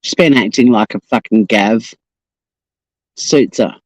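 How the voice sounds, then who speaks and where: A man's voice: lowish voice, measured pace, no echo, low-quality recording. A man with an Australian accent, from Tasmania, hosting a casual live stream outdoors on the coast, profane and joking as he chats. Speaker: livestream host.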